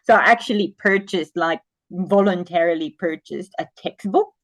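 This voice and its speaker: A woman from the Philippines in her forties chats as an interview guest. Her voice sits a little low, and the sound is close and dry with no room around it. She tells stories in an animated way, often stopping and starting over. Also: normal speed, dry recording. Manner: animated storytelling with frequent restarts. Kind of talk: casual interview chat.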